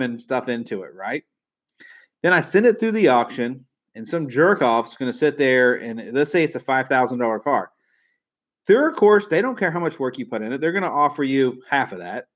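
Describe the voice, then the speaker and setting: A man's voice: medium pitch, highs cut off. A man hosting a live stream about the car business, talking in a blunt, folksy, casual way with some cursing.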